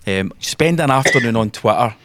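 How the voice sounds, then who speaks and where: A man's voice: mid-range voice, expressive, moderate pace, background noise. A Scottish man co-hosting a podcast, telling stories wryly and dramatically in casual sweary chat. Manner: wry, sardonic, dramatic storytelling. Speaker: podcast co-host.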